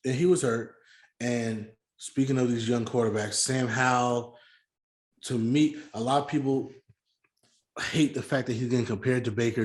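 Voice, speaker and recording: A man's voice: medium pitch, fairly even intonation, normal speed, roomy sound. A man co-hosting a casual sports podcast, arguing his points and often repeating himself. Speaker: podcast co-host.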